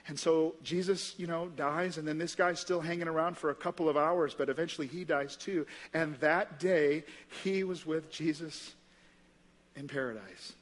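A man's voice: fairly even intonation, moderate pace, few pauses. A man with an American accent preaching a sermon as pastor, telling the story in a casual, conversational way. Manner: conversational storytelling, acts out voices with big pitch jumps. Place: large church hall. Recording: long hall reverb.

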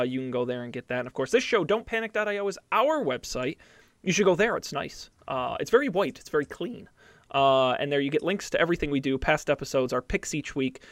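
A man's voice: a little high, animated, fast, a bit bright, no echo, studio quality. A man hosting a podcast, wrapping up with an upbeat, chatty recommendation full of fillers and restarts. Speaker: podcast host. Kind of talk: casual podcast chat.

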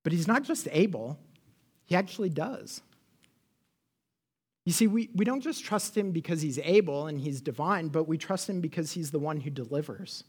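High-voiced man preaching a lively sermon. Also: normal speed, husky. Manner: animated, acts out quotes, asks the congregation questions. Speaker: pastor.

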